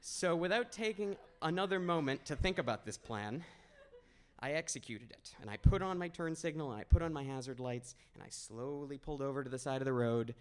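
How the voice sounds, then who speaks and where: A young man from Maine tells a true story on a small stage, in an easy, conversational way with a wry, self-deprecating edge. His voice sits at an ordinary middle pitch. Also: animated, brisk, clear, resonant tone. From Maine, USA. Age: 20s. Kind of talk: live personal storytelling.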